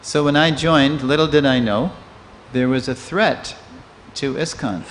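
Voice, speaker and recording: A man in his sixties giving a storytelling scripture class in a temple, a lively teller who acts out the people he quotes. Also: mid-range voice, measured pace. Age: 60s. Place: temple hall. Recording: long reverb of a hall, faint noise.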